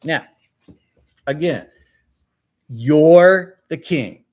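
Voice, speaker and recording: A male pastor preaching a sermon in a church, telling the story with animated acted-out dialogue. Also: on the high side, extremely slow.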